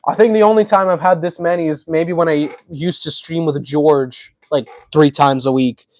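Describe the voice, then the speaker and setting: Man, livestream host, casual chat, answering viewers, slightly high voice. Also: steady tone, moderate pace, darkish tone, dry recording, low-quality recording. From Tennessee. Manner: chatty, answers viewers' chat while building.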